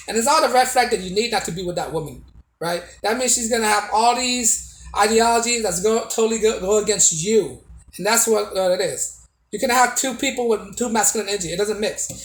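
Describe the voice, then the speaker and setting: A man's voice: sits high, fairly quick, fairly bright tone, roomy sound, poor audio. A man giving a casual opinion monologue to camera as a video blogger, preachy and repetitive, with many restarts and tag questions.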